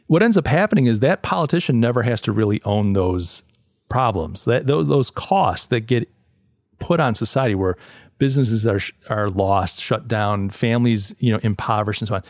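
A man's voice: medium pitch, animated, moderate pace, darkish tone, no room sound, studio quality. A man hosting a solo talk show, reviewing a paper in a loose conversational way, often restarting sentences and acting out what people say. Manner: conversational, restarts often, acts out quoted voices. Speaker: podcast host.

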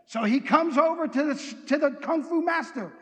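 A man preaching a sermon, telling stories in an animated way, with restarts and self-deprecating asides. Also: very high-pitched, normal speed, in a large hall.

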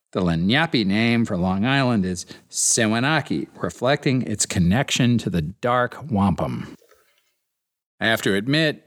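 A man's voice: on the low side, a bit bright. A man hosting a solo history podcast, reading from notes with dry asides to regular listeners. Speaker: podcast host.

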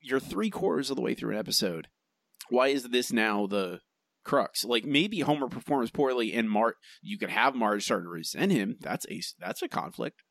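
A man's voice: medium pitch, animated, moderate pace, gravelly, a bit bright, dry recording, studio quality. A man co-hosting a podcast, chatting sarcastically and with exasperation about a TV episode. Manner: sarcastic, exasperated, restarts often. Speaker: podcast co-host. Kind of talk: casual chat reviewing an episode.

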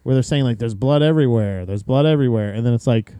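Dark-voiced man chatting casually. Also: mid-range voice, fast talker, clean tone, no echo. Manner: rambling, restarts often, swears casually. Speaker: podcast co-host. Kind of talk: casual chat.

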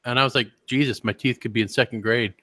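Guy cohosting a podcast, bright voice, rambly and swears a lot, dry close mic. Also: mid-range voice, fairly even intonation, quick pace, no echo. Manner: rambling, profane storytelling. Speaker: podcast co-host. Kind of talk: casual chat.

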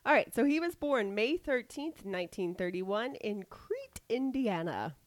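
A woman's voice: a little high, animated, a little slow, hardly any pauses, dry recording. Giggly woman podcast host. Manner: giggly, playful banter. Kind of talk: casual chat.

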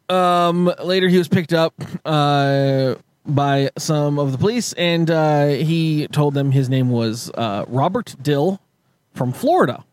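A man co-hosting a casual podcast, telling stories in a rambling, halting way with frequent laughs. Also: mid-range voice, darkish tone, dry recording. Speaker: podcast co-host. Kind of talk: casual chat.

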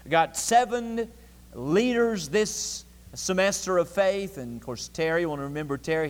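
A man's voice: on the high side, moderate pace. A man preaching an evening church sermon with an emphatic, repetitive cadence. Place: church sanctuary. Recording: long church reverb.

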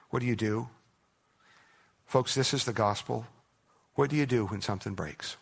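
Pastor, man, gravelly, earnest conversational preaching with quiet prayerful moments. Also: medium pitch. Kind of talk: sermon.

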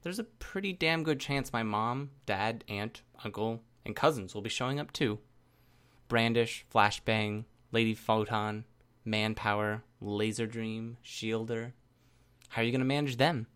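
A man's voice: fairly low pitch, unhurried, fairly bright tone, clean tone. A man voicing a brash, cocky teenage superhero girl who talks bluntly and confrontationally.

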